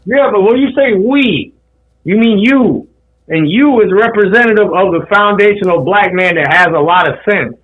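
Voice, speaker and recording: Measured co-host on muffled audio. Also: male voice, sits high. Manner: measured, challenging, pushes back. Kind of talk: casual debate chat.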